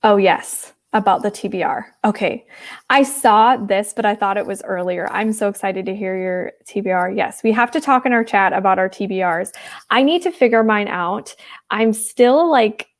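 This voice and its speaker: A woman's voice: medium pitch, normal speed. A woman in her twenties from Wisconsin with a Midwestern accent tinged with a Texas twang, chatting casually with viewers and rambling with lots of ums and likes. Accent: Upper Midwest American with some Texas Southern traces. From Wisconsin, USA. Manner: rambling and chatty, many ums and likes, reads out chat comments. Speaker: livestream host.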